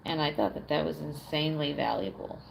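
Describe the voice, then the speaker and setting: A woman's voice: sits low, fairly quick, gravelly, a little hiss or hum. A young woman livestreaming casually, answering chat, chatty, swearing freely and laughing often. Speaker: streamer. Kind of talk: casual live-stream chat.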